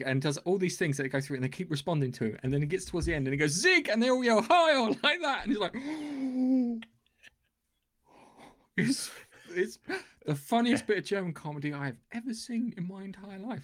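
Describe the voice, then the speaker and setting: Fairly high-voiced man, wry co-host. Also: quick pace. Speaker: podcast co-host. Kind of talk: casual chat.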